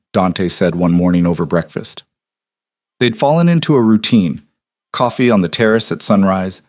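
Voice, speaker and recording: A man narrating a romance audiobook in a calm, measured way. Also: lowish voice, no room sound, clean studio sound.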